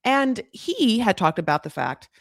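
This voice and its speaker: A woman's voice: on the high side, big pitch swings, unhurried, no echo. Chatty woman podcaster, dry close sound. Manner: chatty, lots of fillers, quotes people in put-on voices. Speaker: podcast co-host. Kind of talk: casual reality TV recap chat.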